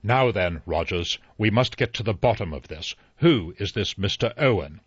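A man reading an audiobook, voicing an elderly judge who speaks dryly and with measured authority. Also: on the low side, animated, slightly rough, dry recording. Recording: slightly dull dry recording.

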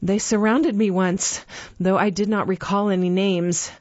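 A woman reading a dark first-person story in a measured, dramatic way. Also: medium pitch, steady tone, lo-fi sound.

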